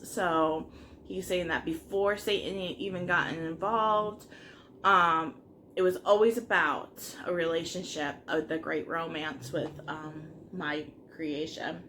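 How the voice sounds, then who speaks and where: A woman talking about her reading in a casual book vlog, earnest and halting, with many fillers and restarts. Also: low-pitched, fairly even intonation, pushed and bright, a little hiss or hum. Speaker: book vlogger. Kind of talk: casual book review chat.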